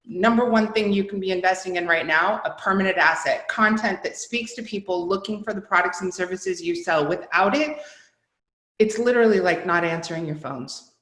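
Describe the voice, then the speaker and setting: A direct, persuasive woman handing off at a business webinar. Her voice sits low, and the room around her rings with echo. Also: normal speed, a bit bright. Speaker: webinar presenter. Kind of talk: business presentation. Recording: echoey room.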